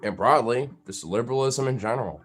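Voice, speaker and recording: A man talking casually and profanely, rambling with fillers and restarts, sometimes jumping into high playful baby talk with his pets. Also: fairly quick, faint music behind.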